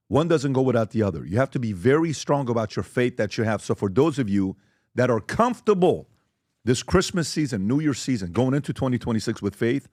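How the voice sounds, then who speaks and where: A man hosting a podcast panel, chatting casually and pitching merchandise in an upbeat way. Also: very animated, fairly quick, a little mellow, no room sound, clean studio sound. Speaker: podcast host.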